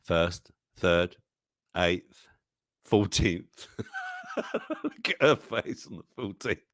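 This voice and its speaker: A man's voice: fairly low pitch, wildly swooping pitch, very slow, a bit bright, no echo, studio quality. A man hosting a casual live-stream news show, chatting and reading memes aloud, chuckling often and exclaiming over what he shows. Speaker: livestream news show host.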